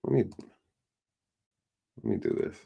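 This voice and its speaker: A man's voice: a little slow, lo-fi sound. A man doing casual online commentary, ranting in an exasperated, irritated way to his viewers. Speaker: YouTube commentator.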